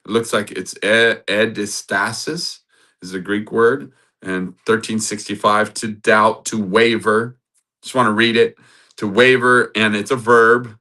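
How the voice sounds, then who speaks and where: Guy preaching on a podcast, lots of laughing, low-ish voice but really bright. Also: measured pace. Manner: animated, laughs often, acts out quotes. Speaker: podcast host. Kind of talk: sermon-like Bible talk.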